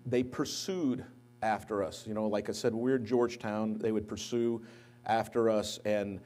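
Mellow-voiced man telling memorial anecdotes. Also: lowish voice, normal speed. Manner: anecdotal storytelling, lively when quoting others. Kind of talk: eulogy at a memorial service. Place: church sanctuary.

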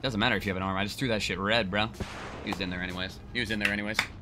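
A man giving excited, joking gameplay commentary with crude trash talk and bursts of yelling. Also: fairly low pitch, very fast, over loud music. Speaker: gaming video creator.

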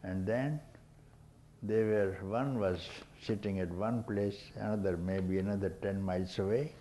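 Slow-spoken older man teaching. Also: on the low side, warm tone, slight background noise, low-quality recording. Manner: unhurried, teasing, prompts listeners with a questioning "hmm?"; chuckles often while talking. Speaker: spiritual teacher. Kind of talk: spiritual discourse to a gathering.

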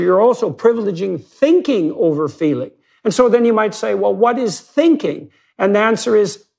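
High, gravelly man lecturing emphatically. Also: a little mellow. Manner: emphatic, questioning, with sudden rises in pitch. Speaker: psychologist in conversation. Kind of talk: lecture-like discussion.

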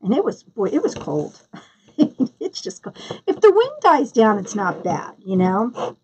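A woman's voice: a little high, huge pitch swings, a little slow, a little mellow, breathy edge. A middle-aged woman hosting a live craft tutorial, chatting casually and greeting viewers by name as she works. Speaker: crafting livestream host.

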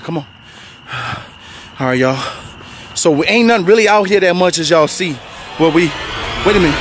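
A man hosting a family skit vlog, talking excitedly to a phone camera, often shouting. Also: sits high, a little fast, pauses often, music in the background. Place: outdoors at night, then in a car.

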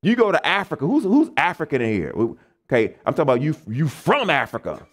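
American male preacher, animated, voice pitched a bit high, talks back and forth with the congregation. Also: fast. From United States. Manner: animated, call-and-response questions to the congregation; acts out quoted people in changed voices. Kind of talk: camp meeting sermon.

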